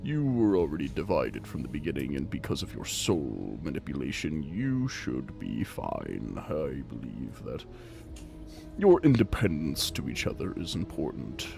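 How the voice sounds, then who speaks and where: A man playing a deep, hushed old grandfather god. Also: creaky, exaggerated voice. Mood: reassuring. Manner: gentle, unhurried, fatherly. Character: elderly grandfatherly male god, calm and kindly.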